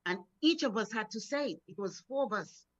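A woman's voice: mid-range voice, lively intonation, a little fast. A middle-aged woman minister from Florida gives a morning devotional in an encouraging, storytelling way. She often repeats words as she builds momentum. The recording sounds dull and lo-fi. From Florida, USA. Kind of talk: devotional sermon.

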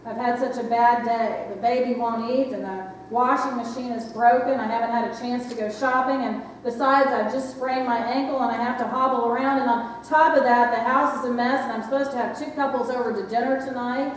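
A woman voicing a worried young housewife who is overwhelmed and tearful, rushing through a list of complaints. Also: on the high side, fairly even intonation, slight background noise, natural voice. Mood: upset, overwhelmed. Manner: rushed, complaining rundown. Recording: echoey church hall from far off.

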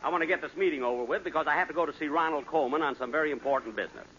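A man's voice: fairly high pitch, rapid-fire, pushed and bright. A man hosting a radio comedy, playing exasperated and defensive in a 1940s radio acting style. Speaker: comedy show host. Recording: hissy lo-fi 1940s radio broadcast.

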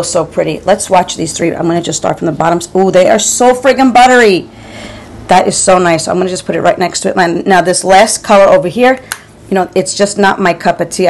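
A chatty woman in her forties or fifties reviews makeup from her home. Her voice sits a little low, and she talks to viewers like a friend, calling them "girl" and stumbling over repeated words. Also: steady tone, fairly quick, slight background noise. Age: 40s or 50s. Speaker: beauty vlogger. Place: home room.

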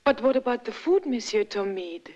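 Flirty French actress. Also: female voice, on the high side, very animated, moderate pace, mellow. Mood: curious. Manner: flirtatious, coaxing, breathless. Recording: dull 1960s film soundtrack, faint hiss.

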